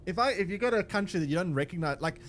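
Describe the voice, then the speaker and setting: A young man talks loosely over his gameplay stream, answering chat and trailing off into fillers. His voice swings up and down with lively pitch, and a faint background hum sits under it. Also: rapid-fire. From South Africa. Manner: rambling, answers chat while playing, many restarts and fillers. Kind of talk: casual game livestream chat.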